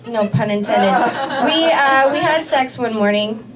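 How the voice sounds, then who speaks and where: A woman's voice: fairly high pitch, unhurried. A young woman stand-up comedian telling a story in a chatty, profane way, laughing as she goes. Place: comedy club stage. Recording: distant stage mic, live crowd. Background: laughing audience.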